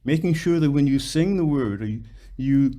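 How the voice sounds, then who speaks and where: An older man teaching a voice masterclass, patiently coaching a singer on diction and demonstrating words slowly. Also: expressive, dark tone. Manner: patient, demonstrates phrases by singing them in falsetto-high lines; precise about diction, models words slowly.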